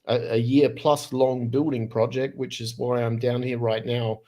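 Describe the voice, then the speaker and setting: Speaking as a podcast guest, an Australian-born man in his fifties shares a story from his own life. His mid-range voice is animated and fast, and he frequently breaks off and restarts what he's saying in a relaxed, casual way.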